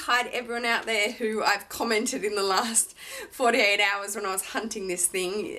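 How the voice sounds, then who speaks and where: A woman's voice: mid-range voice, pushed and bright. A woman vlogger unboxing a luxury handbag, talking in a gushing, effusive way about every detail.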